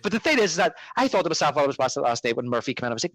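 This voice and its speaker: A man's voice: a little high, sing-song, rapid-fire, fairly bright tone, no room sound, rough recording. A man co-hosting a podcast, casually and animatedly retelling film scenes. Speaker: podcast co-host.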